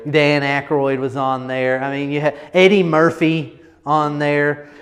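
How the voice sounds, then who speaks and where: A man's voice: a little high, little pitch movement, unhurried. Emphatic male coach in a reverberant room. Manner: emphatic, repeats words, lots of "right?". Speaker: presentation coach. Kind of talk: casual teaching talk.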